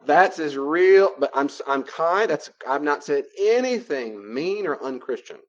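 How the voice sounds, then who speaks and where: A man giving a conversational teaching talk, acting out both sides of the dialogues with lively shifts in his voice. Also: a little high, a little slow. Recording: dull lo-fi recording.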